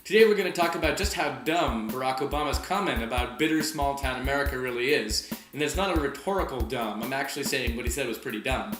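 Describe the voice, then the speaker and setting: A man's voice: medium pitch, quick pace, hardly any pauses, fairly bright tone, echoey room, soft background music. A man hosting a weekly political commentary show, wry, opinionated and direct. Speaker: host.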